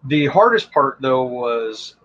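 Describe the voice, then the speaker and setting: A man's voice: mid-range voice, very animated, takes it slowly, fairly bright tone. Brief: an easygoing man demoing his crafting tools, chatty with lots of fillers, slightly muffled sound. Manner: enthusiastic, rambling, many fillers. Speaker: costume and prop maker guest. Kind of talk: casual how-to talk.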